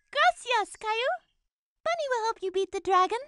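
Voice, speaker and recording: A woman's voice: very high-pitched, lively intonation, unhurried, background noise. Playful little girl. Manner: playful, mixes in Spanish words.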